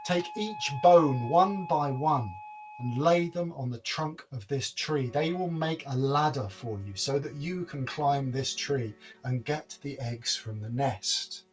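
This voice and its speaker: A man voicing a calm, commanding young woman in a told folk tale, giving firm instructions. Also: mid-range voice, slow pace, soft background music, lightly acted.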